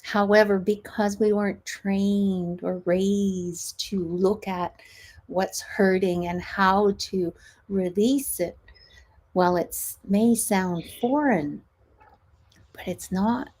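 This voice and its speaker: Slow-talking calm woman coach. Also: medium pitch. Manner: calm, explanatory, ends points with "right?". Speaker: podcast host, stress management coach. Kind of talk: coaching talk.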